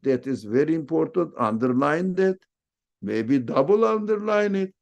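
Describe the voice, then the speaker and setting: A man teaching a religious lesson in an unscripted, reflective way. His voice has a gravelly edge, and he speaks slowly, often circling back to rephrase a word with a quick "uh". He sits at an ordinary middle pitch. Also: expressive, darkish tone. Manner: reflective, repeats and rephrases words, frequent fillers. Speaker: Islamic teacher.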